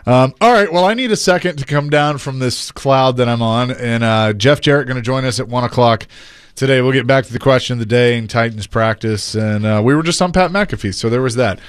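Brief: relaxed sports radio co-host, mid-pitched voice, dry studio mic. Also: male voice, fairly quick, clear, resonant tone, no room sound. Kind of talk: casual sports radio chat.

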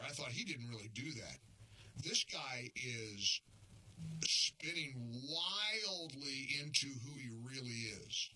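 A man's voice: on the high side, breathy edge, rough recording. Impassioned older male talk radio host. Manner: impassioned, rising to near shouts, then folksy appeals.

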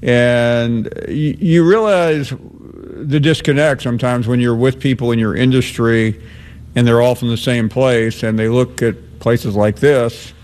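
A male talk radio host with a mid-pitched voice, thanking callers and riffing back. He talks in a friendly, quick, conversational manner. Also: steady tone, a little mellow, clean tone.

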